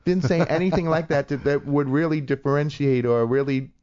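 A man's voice: fairly high pitch, fairly even intonation, fairly quick, darkish tone. Boston-accented male guest actor, talkative and self-deprecating, muffled lo-fi sound. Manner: chatty, self-deprecating, rambling storyteller. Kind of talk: casual interview chat. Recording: dull lo-fi sound.

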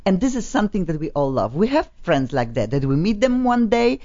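A woman's voice: mid-range voice, very animated, brisk, mellow, dull audio. A woman with a foreign accent hosting a casual radio talk show, chatty and effusive as she introduces her guests. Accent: foreign accent in English. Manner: chatty and effusive, laughs often.

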